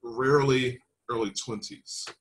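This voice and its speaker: Blunt, quiet man co-host. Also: mid-range voice, steady tone, unhurried, rough recording. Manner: blunt, matter-of-fact questions. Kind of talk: casual interview.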